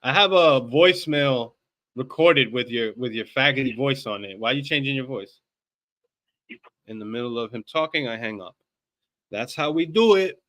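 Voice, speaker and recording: A man at an ordinary pitch talks casually on a live stream, mocking and chatty. He drifts between remarks to his viewers and reading phone numbers out slowly. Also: fairly bright tone. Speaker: streamer making prank calls.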